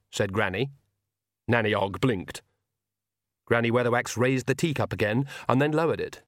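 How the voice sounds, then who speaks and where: A man reading a novel aloud as the audiobook narrator, telling the story in a measured, even way. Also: mid-range voice, dry recording, clean studio sound. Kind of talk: scripted narration.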